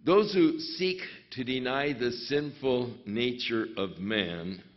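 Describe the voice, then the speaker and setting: A man preaching a sermon to a congregation, slow and deliberate, with sudden emphatic rises. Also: mid-range voice. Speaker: pastor. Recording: dull lo-fi recording.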